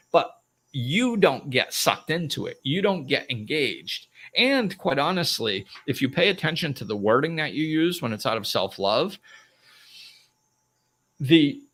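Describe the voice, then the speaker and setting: A man's voice: medium pitch, bright, forceful tone, husky. A middle-aged man hosting a live self-help talk, who laughs often and acts out both sides of arguments. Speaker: host.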